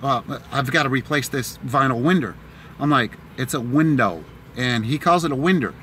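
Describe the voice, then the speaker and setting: A middle-aged man with a mixed Boston and Tennessee accent chats in a rambling way, full of fillers, while driving through the city on a live stream. His voice sits at an ordinary middle pitch. Faint street and car noise runs underneath. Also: moderate pace, bright, forceful tone. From Massachusetts, Boston area. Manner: rambling, chatty, many fillers.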